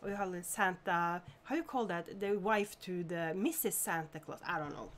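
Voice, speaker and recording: A woman's voice: lowish voice, moderate pace, a little hiss or hum. A woman from Norway hosting a casual live stream, chatting and greeting viewers by name with frequent laughs.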